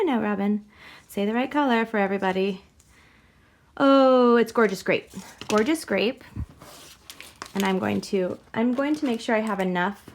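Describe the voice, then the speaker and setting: A woman's voice: fairly high pitch, gravelly, a little hiss or hum. A woman hosting a crafting tutorial, talking chattily through each step in a bubbly way and giggling at herself. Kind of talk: casual step-by-step demonstration.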